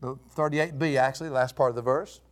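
A man giving a verse-by-verse Bible teaching, emphatic and animated, with chuckling asides. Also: medium pitch, fast.

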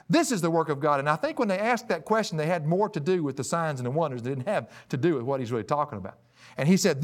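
Guy preaching a sermon, kinda high voice, emphatic and folksy, goes up and down to hit his points. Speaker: pastor. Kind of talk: expository sermon.

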